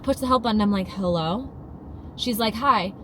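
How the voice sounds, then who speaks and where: A young woman vlogging from inside her car, telling a story in a dramatic, animated way and swearing casually. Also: on the high side, fast talker. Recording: car cabin with clear road noise.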